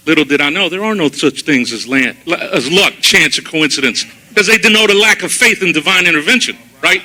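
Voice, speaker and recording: A man giving a personal testimony sermon at a church service, telling his story in an animated way and acting out his own past words. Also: fairly high pitch, fairly quick, few pauses, low-quality recording.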